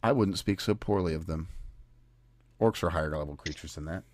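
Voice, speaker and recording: An American man hosting a podcast in casual, sarcastic and indignant talk. His voice sits a bit low. The sound is dry and close-miked. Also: fairly quick, darkish tone, dry recording. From United States. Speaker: podcast host. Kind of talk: casual chat.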